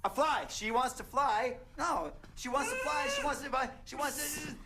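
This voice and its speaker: A stammering, flustered fiancé. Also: male voice, extremely high pitch, very animated, normal speed, over a noisy crowd, heavily acted. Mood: frantic guessing. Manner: stammering, frantic guessing, many fillers. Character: flustered young male fiancé guessing charades. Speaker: groom-to-be. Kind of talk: film comedy acting.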